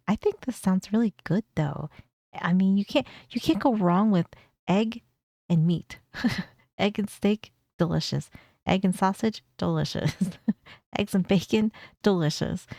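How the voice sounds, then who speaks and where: A woman's voice: fairly low pitch, gravelly, warm tone, dry recording, clean studio sound. A woman chatting casually as a VTuber reacting to a video, giggly and prone to repeating her words.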